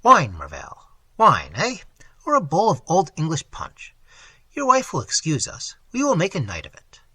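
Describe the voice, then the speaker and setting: A man reading the part of a reckless, worldly young gentleman who speaks boldly, breezily and with a faint sneer. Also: on the high side, huge pitch swings, normal speed, husky, dry recording, exaggerated voice. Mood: breezy.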